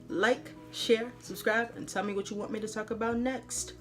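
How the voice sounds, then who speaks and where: Animated woman telling a story. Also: medium pitch, brisk, hardly any pauses, faint music behind. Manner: animated, with many "like" fillers and laughs. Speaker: vlog host. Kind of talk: casual storytelling.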